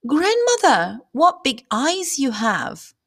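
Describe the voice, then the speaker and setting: Woman playing a high, innocent little girl for a fairy tale reading. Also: huge pitch swings, slow pace, heavily acted. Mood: wondering. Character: sweet trusting little girl.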